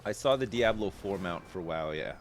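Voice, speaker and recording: A man's voice: low voice, lively intonation, normal speed, a little hiss or hum. A man in his thirties chatting casually with viewers as a game streamer, rambling loosely from thought to thought. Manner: rambling, chatty, answers chat, swears casually. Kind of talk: casual live-stream chat while gaming. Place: home streaming setup.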